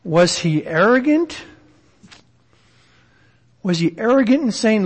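A man with a somewhat high voice teaches a Bible study in an easy, conversational way. He keeps turning to his listeners with questions. His voice rings with the long reverb of a hall. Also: very animated, takes it slowly, slightly rough.

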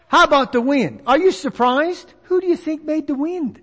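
Animated high-voiced preacher in a hall. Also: male voice, normal speed, highs cut off. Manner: animated, folksy, acts out voices of others. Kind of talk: sermon. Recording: long reverb of a large hall.

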